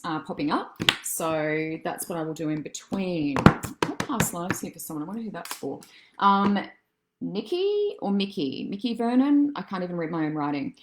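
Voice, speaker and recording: A woman with a slightly low voice gives psychic readings on a live stream and answers viewers' comments as they come in. She is affectionate and calls people darling and love. She drifts from thought to thought with easy fillers. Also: background noise. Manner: chatty and meandering, many soft fillers. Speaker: psychic medium and healer.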